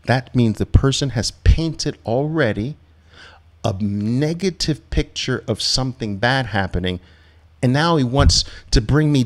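A middle-aged man hosting a live Q&A on trading, telling stories in a casual, animated way and acting out quotes with big jumps in pitch. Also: measured pace. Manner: animated, acts out quotes with sharp rises in pitch, laughs often.

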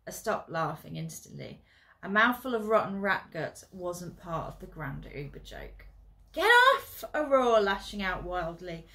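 A woman teacher reading a novel aloud with expressive delivery that rises for dramatic moments. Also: lowish voice, a little slow.

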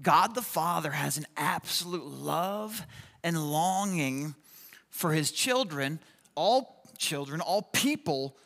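A man preaching a sermon, telling a personal story in an animated, chatty way with lots of fillers. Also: a little high, slow, creaky. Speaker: pastor. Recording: long hall reverb.

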